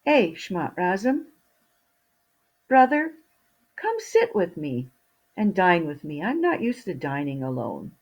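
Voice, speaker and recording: A humble young archer from a storybook, friendly and good-natured, as a woman storyteller puts him on. The voice is husky and lively. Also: on the low side, slow, pauses often, full character voice.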